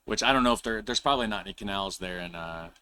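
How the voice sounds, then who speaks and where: American reaction host, lowish voice, bright edge, rambling and casual. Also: male voice, fast, slight background noise. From United States. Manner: relaxed, rambling, self-correcting.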